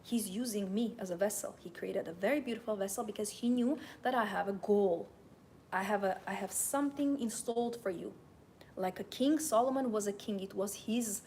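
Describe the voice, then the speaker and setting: A woman's voice: medium pitch, gravelly, darkish tone. Young woman host, assertive and passionate, mid-range voice, faint noise underneath. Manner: passionate, emphatic, self-assured. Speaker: host and femininity coach. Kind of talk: live-streamed motivational talk.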